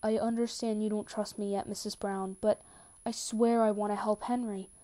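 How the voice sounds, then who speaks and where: A woman's voice: mid-range voice, flat delivery, moderate pace, mellow, natural voice. A woman voicing a tender, determined young man in a read-aloud story, with little change from her own voice. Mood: earnest.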